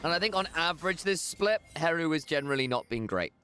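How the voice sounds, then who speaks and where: A man doing live play-by-play esports commentary, jokey and excitable, on a headset mic. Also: fairly high pitch, soft background music. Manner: excitable, jokey, rapid shifts from chatty to shouting. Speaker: esports caster.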